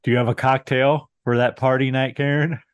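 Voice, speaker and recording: A man's voice: mid-range voice, flat delivery, brisk, clear, resonant tone, dry recording. A man co-hosting a podcast, casually retelling a film's plot in a dry, wry way. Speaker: podcast co-host. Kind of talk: casual movie recap chat.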